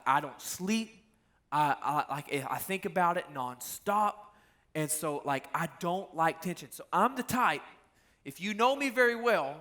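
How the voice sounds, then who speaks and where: A young man giving a casual, animated youth sermon, telling stories and asking the listeners questions. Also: sits high. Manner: animated storytelling, talks straight to the crowd. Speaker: youth pastor.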